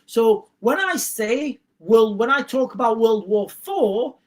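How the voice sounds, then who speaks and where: A man with an extremely high, expressive voice speaks at a slow pace while hosting a livestream. He reads out viewer comments and answers them in a rambling, blunt, repetitive way.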